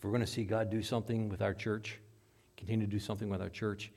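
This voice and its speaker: A male pastor preaching a sermon in a conversational way, repeating and restarting phrases, rising to loud emphatic bursts and dropping to quiet low asides. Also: little pitch movement, quick pace, creaky.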